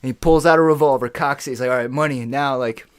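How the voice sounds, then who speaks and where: A man in a casual podcast chat, spinning a story with lots of energy and putting on the voices of the people in it. His voice sits at an ordinary middle pitch. The sound is dry and close, with no room around it. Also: quick pace, clean tone, no echo. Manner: animated, acts out quoted voices, swears. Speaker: podcast co-host.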